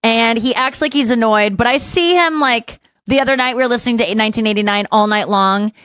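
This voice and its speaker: A woman's voice: fairly quick, smooth, no room sound. A woman podcast host in her forties, telling a story in casual chat and acting out the people she quotes. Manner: animated storytelling, acts out quotes in a higher voice.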